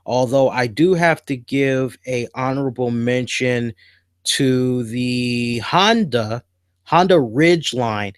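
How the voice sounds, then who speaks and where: A man hosting a show, casually and excitedly reviewing ads in slangy talk. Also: medium pitch, no room sound. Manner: enthusiastic, slangy, retells scenes with put-on voices. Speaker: podcast host.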